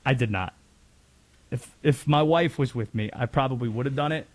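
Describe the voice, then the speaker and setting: A man's voice: medium pitch, moderate pace. A man from North Carolina hosting sports talk radio in a chatty way, laughing easily and wandering into asides.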